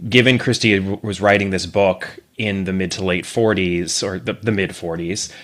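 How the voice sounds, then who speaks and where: A man with a very low voice talks in a casual, animated way as a podcast guest. He talks through a book with his hosts. He jumps easily between his own points and the points of others. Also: moderate pace. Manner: animated, acts out quoted characters.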